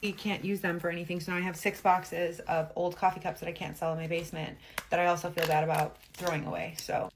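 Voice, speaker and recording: A woman's voice: on the low side, level tone, fast talker, noisy background. A woman telling viewer-submitted stories in a casual, conversational way, often saying "like" as she goes. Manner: chatty, conversational, with frequent "like" and "he's like". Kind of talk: casual storytelling to camera.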